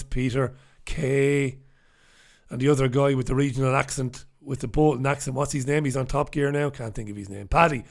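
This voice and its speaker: An Irish man hosting a solo newspaper review show, talking bluntly and sarcastically with profane asides while he reads out viewers' comments. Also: mid-range voice. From Ireland. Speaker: host. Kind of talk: solo news review show, reading live chat comments.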